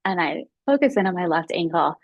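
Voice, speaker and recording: A woman's voice: on the low side, expressive, brisk, no echo, muffled recording. A woman speaking as a guest mindfulness teacher, telling her own story openly and confessionally. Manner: open and confessional, acts out her own past thoughts. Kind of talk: candid personal storytelling.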